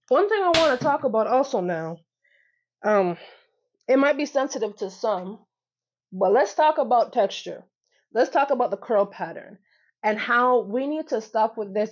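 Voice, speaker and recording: A woman's voice: a little high, lively intonation, normal speed, lo-fi sound. A young woman vlogging casually to camera, sassy and emphatic, repeating phrases for punch and laughing often. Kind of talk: casual direct-to-camera talk.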